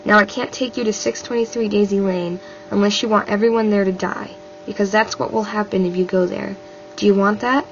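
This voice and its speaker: A man's voice: high-pitched, fairly even intonation, a little fast, creaky. A woman reading an audiobook aloud and voicing a cold, menacing adult man who gives curt commands. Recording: dull lo-fi with faint music.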